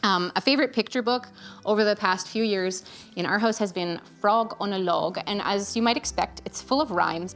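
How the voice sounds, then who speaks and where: Chatty mom reviewing kids' gifts. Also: female voice, medium pitch, moderate pace. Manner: chatty, earnest, candid. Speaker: parent vlogger recommending gifts. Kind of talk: casual review vlog. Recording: faint music behind.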